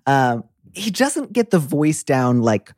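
Animated chatty man, dry close sound. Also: a little high, slow pace, dry recording. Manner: animated, effusive, breaks into quoted voices. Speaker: podcast host. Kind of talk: casual conversational chat.

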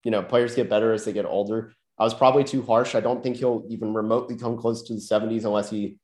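This man hosts a podcast while getting over a cold, his lowish voice nasal and a little mellow, his intonation fairly even and his pace quick. He talks loosely about basketball draft prospects, hesitating and repeating words when starting sentences, in an echoey room.

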